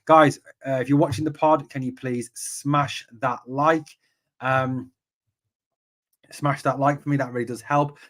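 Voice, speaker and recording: An English man hosts a live-streamed football podcast, reading viewer chat aloud and answering each comment in turn. He talks in a chatty, loose way, full of ums and quick asides. His voice sits at an ordinary middle pitch for a man. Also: little pitch movement, fairly bright tone. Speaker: podcast host.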